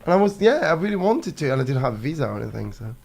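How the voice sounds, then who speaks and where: A man's voice: on the high side, big pitch swings, rapid-fire, gravelly, a little mellow. A man telling stories as a guest on a casual chat show, laughing as he goes. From France. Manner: chatty storyteller, laughs while telling anecdotes.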